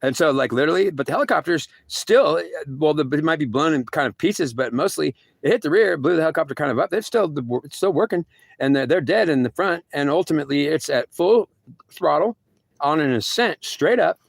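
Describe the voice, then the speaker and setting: A man's voice: on the high side, lively intonation, a little fast, gravelly, dry recording. A man telling a rambling first-person story, repeating himself and filling with "like" and "literally.".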